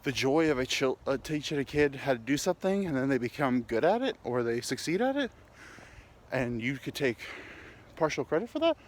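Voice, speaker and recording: A man's voice: medium pitch, big pitch swings, a little fast, a little hiss or hum. A man hosting a podcast, rambling through a candid, crude comic monologue while walking uphill, slightly out of breath. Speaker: podcast host. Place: outdoors, walking.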